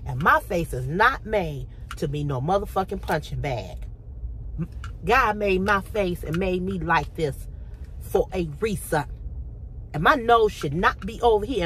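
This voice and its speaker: A middle-aged woman vlogging to her phone camera, blunt and profane, with a throat tickle, going from low talk to impassioned near-shouting. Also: a little hiss or hum. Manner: preachy, rising to impassioned shouting.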